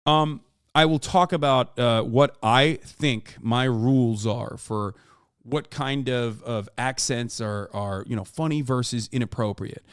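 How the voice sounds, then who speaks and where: A man's voice: mid-range voice, measured pace, smooth, no room sound, studio quality. A man in his thirties, a streamer giving casual, profane live-stream commentary, ranting emphatically with plenty of fillers. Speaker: streamer reacting to a clip.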